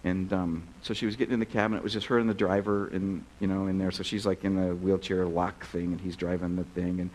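A man's voice: low voice, fairly quick, few pauses, a little hiss or hum, rough recording. A male pastor giving a casual, storytelling sermon in a crowded church service. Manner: casual, animated, many "like"s.

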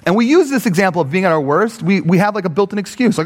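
Male pastor, fairly high voice, comic storyteller, long hall reverb. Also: quick pace. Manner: animated, jumps into high mock voices for quoted people.

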